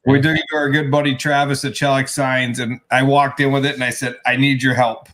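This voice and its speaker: A man's voice: medium pitch, flat delivery, a little fast, fairly bright tone. A man co-hosting a casual chat, telling a story in a rambling way with many restarts. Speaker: co-host.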